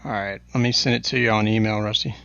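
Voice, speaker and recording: A man's voice: on the low side, fast, gravelly, no room sound, highs cut off. A man co-hosting a casual podcast, telling stories with lots of laughter. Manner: laughing, animated storyteller. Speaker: podcast co-host. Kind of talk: casual chat.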